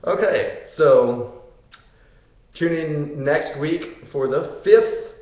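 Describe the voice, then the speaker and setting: A man's voice: a little high, expressive, drawn-out words. A young man hosting a comedic, casual retelling of an old myth in a slangy, joking way. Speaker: host. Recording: echoey room, dull lo-fi sound.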